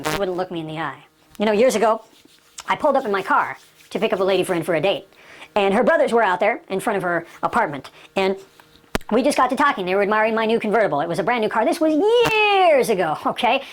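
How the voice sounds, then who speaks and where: A woman giving a sales coaching talk, emphatic and full of rhetorical questions, with personal anecdotes. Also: mid-range voice. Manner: tells personal anecdotes, laughs now and then. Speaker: sales trainer.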